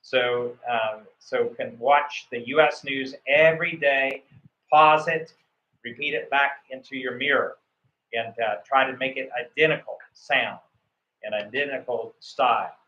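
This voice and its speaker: Bright-voiced man coaching, echoey and muffled. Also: mid-range voice, measured pace. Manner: rambling, many fillers and restarts. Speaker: visa interview coach. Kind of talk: coaching on a call. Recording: echoey, muffled room sound.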